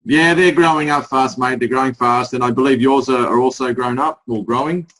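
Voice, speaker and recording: A man playing a friendly acquaintance who takes a business phone call in a sales role-play, chatting in a relaxed, chummy way. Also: mid-range voice, a little fast, natural voice.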